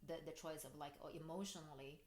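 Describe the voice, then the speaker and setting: Woman, podcast host, earnest explanations, casual talk, lower pitch, roomy echo. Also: fast, darkish tone. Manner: earnest, explanatory, frequent "right?". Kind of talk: casual conversation. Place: room.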